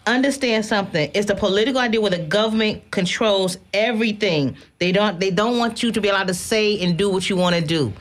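Lively female radio co-host. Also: mid-range voice, fairly quick, few pauses. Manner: lively, emphatic, laughs often. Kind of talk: casual talk radio.

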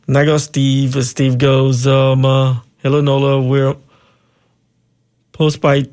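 A man hosting a call-in radio show, reading out listener texts and taking calls, relaxed and loose with frequent ums. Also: medium pitch. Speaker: radio talk show host.

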